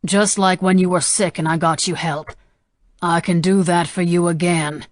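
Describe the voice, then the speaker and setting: Woman voicing a calm Southern senator. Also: lowish voice, measured pace, no room sound, clean studio sound, lightly acted. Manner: steady, persuasive negotiator's tone. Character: middle-aged male senator, calm and controlled.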